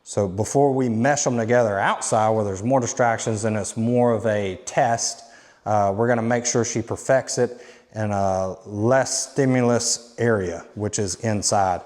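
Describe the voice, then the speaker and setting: A man working as a dog trainer, explaining steps plainly and giving short, quiet commands to a dog indoors. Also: fairly low pitch, measured pace, long reverb tail. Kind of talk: instructional training demo.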